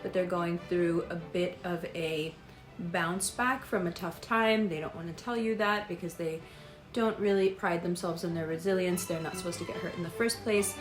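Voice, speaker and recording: A woman giving a casual horoscope reading in a chatty, animated way, sometimes acting out imagined dialogue. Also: fairly low pitch, moderate pace, echoey room, soft background music. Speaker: astrologer.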